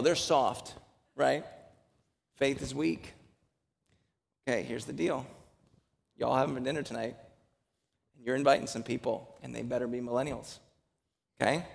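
Gravelly preacher in a reverberant hall. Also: male voice, mid-range voice, fairly even intonation, unhurried, pauses often. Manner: joking, conversational preaching that builds to emphatic exhortation. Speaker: pastor. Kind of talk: sermon.

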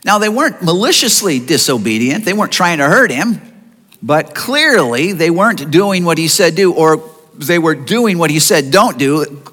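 A man preaching a sermon in an expressive way, asking his listeners rhetorical questions. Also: fairly high pitch, normal speed, long reverb tail. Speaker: pastor.

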